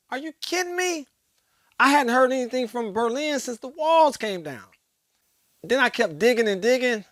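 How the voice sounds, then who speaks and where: A man with a high voice gives an impassioned monologue to his viewers. He hammers his points home with repeated phrases, almost like a preacher. The sound is dry and close, with no room echo. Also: fairly bright tone. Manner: preacher-like, emphatic repetition. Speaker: host.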